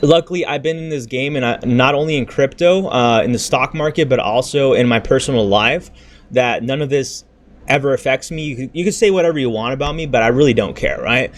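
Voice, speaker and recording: A man's voice: mid-range voice, brisk. A man streaming about crypto trading, talking in a blunt, slangy, frustrated way and venting about his losses. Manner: blunt and slangy, says "freaking", "bro" and "dude" often. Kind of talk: casual livestream rant and market talk.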